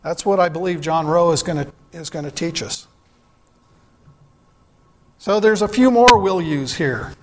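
A man's voice: a little high, unhurried, long pauses, in a large hall. A man giving a sermon to his church, earnest and full of rhetorical questions. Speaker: church speaker.

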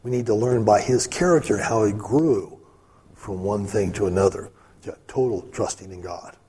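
Husky low-voiced man teaching Bible study. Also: moderate pace, warm tone. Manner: conversational, many fillers and asides. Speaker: preacher.

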